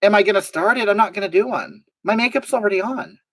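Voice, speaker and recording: A woman's voice: mid-range voice, fast, fairly bright tone. A woman hosting a live stream, reading out viewer comments in a sassy, drawling, mock-sincere way.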